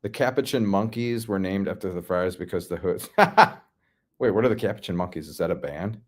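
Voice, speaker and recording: A man's voice: deep voice, moderate pace. A man from the Midwest hosting a casual livestream, reading out chat comments and answering in a laid-back, slangy way.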